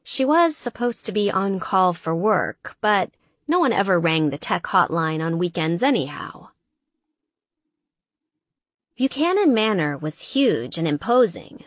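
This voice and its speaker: A woman narrating an audiobook in a lively, expressive storytelling manner. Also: mid-range voice, unhurried, dry recording, lo-fi sound.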